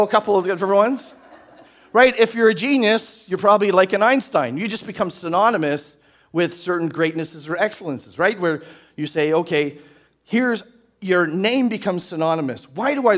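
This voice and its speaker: Man with a high voice preaching. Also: fairly bright tone. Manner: conversational, often asks "right?". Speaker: pastor. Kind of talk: sermon. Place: church hall.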